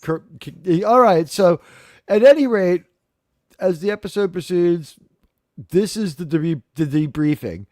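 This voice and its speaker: A man hosting a casual live-stream discussion, chatty and animated, often acting out characters' lines. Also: sits high, measured pace, dry recording, studio quality. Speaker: live show host.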